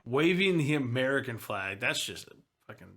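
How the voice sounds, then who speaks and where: A man's voice: medium pitch, lively intonation, normal speed, a bit bright, a little hiss or hum. Male podcast co-host reading wry history notes. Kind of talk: casual podcast chat.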